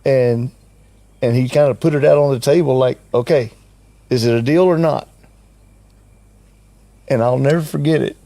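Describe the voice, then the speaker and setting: A man's voice: mid-range voice, moderate pace, creaky, pauses often, mellow, no echo. An older man telling a story in casual conversation, acting out what others said and chuckling often. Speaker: team member recounting a trip.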